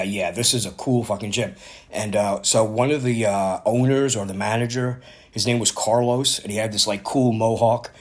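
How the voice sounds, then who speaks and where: A man in his fifties casually telling a personal story, rambling and correcting himself as he goes. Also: lowish voice. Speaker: vlogger.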